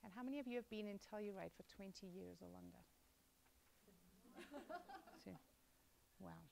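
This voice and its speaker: A woman's voice: medium pitch, normal speed, creaky, background noise. A woman in her forties from South Africa, with a mixed South African, Australian and American accent, giving a chatty public talk to an audience as a guest speaker and teacher, with many ums.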